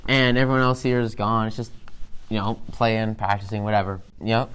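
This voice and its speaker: A man's voice: lowish voice, flat delivery, brisk, fairly bright tone, slight background noise. A man giving an upbeat, rambling motivational talk with lots of energy. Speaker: motivational speaker.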